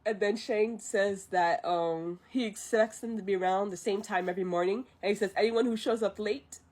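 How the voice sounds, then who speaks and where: A woman's voice: mid-range voice, steady tone, normal speed, darkish tone. A young woman streamer casually retelling a film from memory, rambling, unsure and often correcting herself. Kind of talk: casual livestream storytelling.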